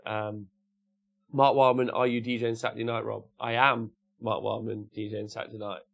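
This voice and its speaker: A man's voice: on the low side, little pitch movement, normal speed, vocal fry, fairly bright tone. A man with an English Midlands accent, hosting a casual livestream, reading out viewers' chat messages and answering them with jokes. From Cannock, England.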